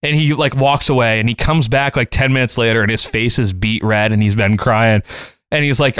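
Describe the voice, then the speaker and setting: A man's voice: medium pitch, a little fast, smooth, no echo, studio quality. A man in his late twenties or thirties on a casual podcast, telling a workplace story and acting out the dialogue with frequent laughs. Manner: animated anecdote teller, acts out dialogue, laughs often.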